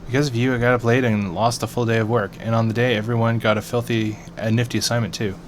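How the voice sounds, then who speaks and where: A man's voice: mid-range voice, level tone, quick pace, a little hiss or hum, natural voice. A man voicing an indignant young woman customer, complaining in an exasperated way.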